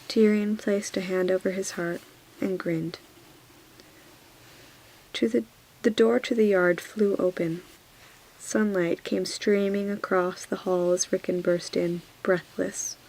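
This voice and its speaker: A woman reading a fantasy novel aloud in a soft whispered role-play, hushed and gentle. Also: fairly low pitch, low-quality recording. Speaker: audiobook reader.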